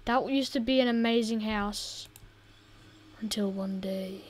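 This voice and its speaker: A woman's voice: mid-range voice, measured pace. A woman giving casual gameplay commentary, chatty and easily exasperated as she plays. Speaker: gaming video host.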